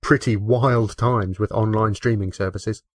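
Lower-voiced dry man talking games. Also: fairly even intonation, measured pace. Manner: dry, sweary, matter-of-fact. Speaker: podcast co-host. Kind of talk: casual gaming podcast chat.

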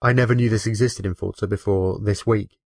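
A man's voice: lowish voice, fairly even intonation, a little fast, creaky, a little mellow, no room sound. A man from the UK chatting casually on a gaming podcast, dry and sweary with a matter-of-fact delivery. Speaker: podcast co-host.

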